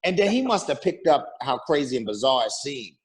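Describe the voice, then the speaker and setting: Middle-aged male rapper, animated raconteur with a lively, swooping delivery. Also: medium pitch, fairly quick, breathy edge. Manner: lively, acts out quotes, hums beats and sings snippets. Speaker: interview guest, rapper. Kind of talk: animated storytelling in casual interview.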